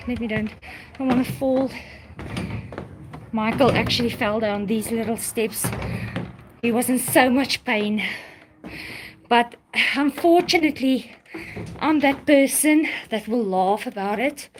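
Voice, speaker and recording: A high-voiced woman talks casually to her viewers as she walks about, slow and a little out of breath. A faint noise sits behind her voice. She keeps up a chatty running commentary. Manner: chatty, talks to viewers while walking around. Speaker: vlogger. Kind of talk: casual live-stream chat.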